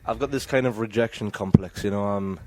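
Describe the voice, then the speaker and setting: Soft-spoken, hesitant English man. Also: lowish voice, a little fast, heavy background noise. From England. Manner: hesitant, soft-spoken, self-doubting, many restarts. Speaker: wrestler guest. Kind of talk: casual podcast interview.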